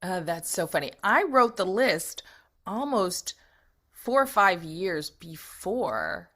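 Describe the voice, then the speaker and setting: A woman's voice: fairly low pitch, slow. A middle-aged woman, a guest in an interview, telling a story with lots of laughter and acted-out thoughts. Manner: lively, laughs often, acts out her own thoughts. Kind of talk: animated storytelling.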